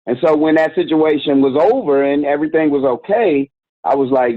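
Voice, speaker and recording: A man in his forties who directs a youth organization tells a story as an interview guest, speaking in a candid, slangy, conversational way. His voice sits fairly high and moves briskly. The recording is dry and tinny, like a phone.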